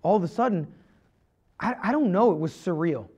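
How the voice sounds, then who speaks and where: A man's voice: sits high, animated, a little fast, a little mellow, husky. A young man telling his own story on a podcast, earnest and confessional, rambling with many fillers and restarts. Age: young adult. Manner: rambling, heavy use of "like" and restarts. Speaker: podcast guest.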